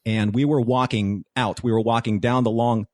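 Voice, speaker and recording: A man, a guest on a podcast, telling stories in casual chat with animated delivery. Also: medium pitch, normal speed, no echo, clean studio sound. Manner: animated storytelling.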